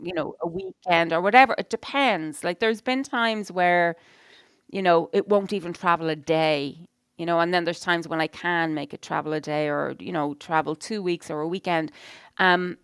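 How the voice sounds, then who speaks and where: Woman, middle-aged, podcast co-host, smooth lowish voice, dry close sound, rambling frank chat. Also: moderate pace, dry recording. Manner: rambling, frank, swears, many "you know"s. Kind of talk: casual chat.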